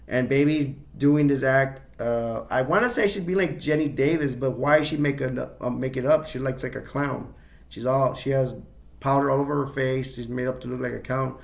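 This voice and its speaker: A man's voice: medium pitch, creaky. A man casually recapping a horror film scene by scene, rambling with many restarts. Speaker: movie reviewer.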